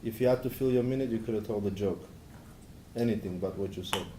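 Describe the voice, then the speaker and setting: Argumentative guy at a game table, warm dark tone, roomy sound. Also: lowish voice, fast talker. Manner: pushy, argumentative. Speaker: player. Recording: echoey noisy room.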